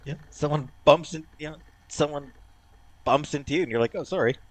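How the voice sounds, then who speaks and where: A young Canadian man playing a story game, reading the chat lines aloud and commenting on them, earnest, sometimes soft and subdued and sometimes loud and exclaiming. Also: a little high, normal speed. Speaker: let's player.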